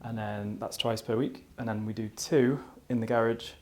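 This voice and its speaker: A young male fitness vlogger talks to the camera in a garden, casual and chatty, wandering off into "you know" asides. His medium-pitched voice keeps a steady tone and a moderate pace.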